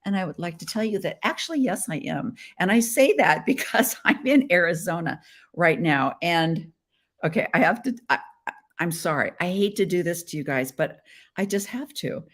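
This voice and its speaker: A woman's voice: on the low side, lively intonation, normal speed. A middle-aged woman from the US Midwest hosting a live podcast stream, chatty and playful, talking into her webcam. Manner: chatty and playful, with frequent laughs. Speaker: podcast host. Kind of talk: casual live-stream chat.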